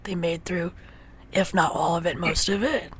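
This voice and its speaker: A woman chatting casually as a co-streamer, who reacts quickly and bluntly. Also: on the low side, fairly even intonation, slight background noise. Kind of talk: casual chat.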